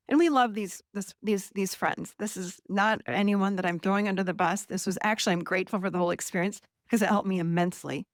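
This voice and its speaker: A middle-aged woman hosting a podcast, telling a personal story and acting out her own heated words with lively emphasis. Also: medium pitch, dry recording, studio quality. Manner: animated, acts out her own heated quotes. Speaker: podcast host. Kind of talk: personal storytelling about emotions.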